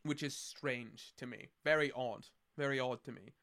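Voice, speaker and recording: A man's voice: medium pitch, moderate pace, gravelly, fairly bright tone. A man from Scotland with a Scottish accent, chatting casually on a live stream in a rambling, sardonic way. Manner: rambling, sardonic, many restarts and fillers. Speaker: streamer answering chat.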